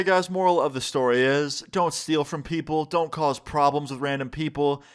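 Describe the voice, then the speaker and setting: A young man casually narrating a storytime on his vlog in a laid-back, slangy way. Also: fairly high pitch. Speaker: vlogger.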